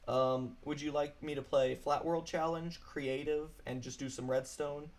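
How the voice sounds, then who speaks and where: A man's voice: a little high, steady tone, a little slow. A man chatting casually while streaming a game alone at his computer, apologetic and rambling.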